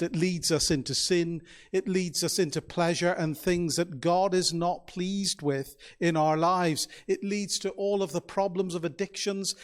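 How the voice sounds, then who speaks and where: Male preacher, sermon delivery, slightly high voice, slow and deliberate, earnest with weighty pauses in a church.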